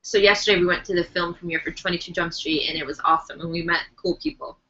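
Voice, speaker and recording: A woman's voice: fairly low pitch, steady tone, fast talker, pushed and bright, slight background noise. A woman co-hosting a live video chat, chatty and giggly as she reads out viewer questions. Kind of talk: casual chat. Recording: dull lo-fi webcam audio.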